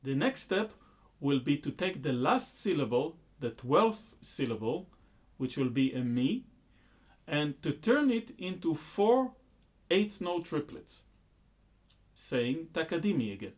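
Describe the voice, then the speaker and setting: Slow, careful man teaching rhythm. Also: a little high, very animated. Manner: slow, careful explanations broken by loud chanted rhythm syllables. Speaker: music teacher. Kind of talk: rhythm lesson with spoken syllables.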